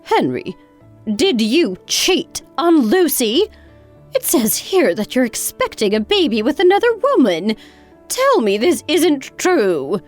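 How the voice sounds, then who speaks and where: Woman performing a touchy older mother-in-law, defensive and stammering, with a lively, high voice over faint music. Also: moderate pace. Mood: alarmed. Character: indignant older mother-in-law, proud, quick to take offense.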